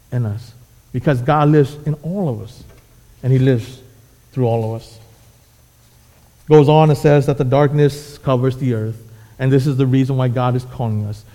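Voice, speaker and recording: A man's voice: medium pitch, mellow. A man preaching a sermon, telling a fable with emphatic, repetitive phrasing. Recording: echoey hall.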